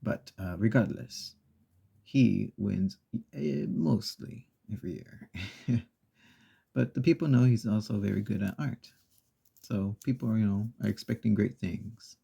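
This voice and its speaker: Slow, gravelly soft-spoken man. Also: fairly low pitch. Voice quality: gravelly, breathy. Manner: slow, meandering retelling with pauses and fillers. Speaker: ASMR channel host. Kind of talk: soft-spoken ASMR storytelling.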